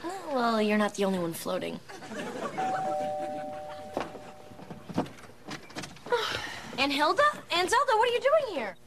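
A woman's voice: high voice, big pitch swings, brisk, very noisy. A young actress playing a bubbly, chatty young woman in a sitcom.

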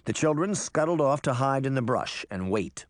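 A man narrating a children's storybook in an expressive reading voice. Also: mid-range voice, normal speed, no room sound, studio quality. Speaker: audiobook narrator.

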